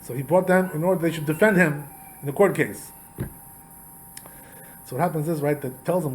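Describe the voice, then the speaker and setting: A man's voice: on the high side, normal speed, pauses often, slight background noise, rough recording. A male rabbi teaching a Torah class, retelling a story in a chatty way with frequent asides to his listeners. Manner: conversational, repetitive asides, animated retelling.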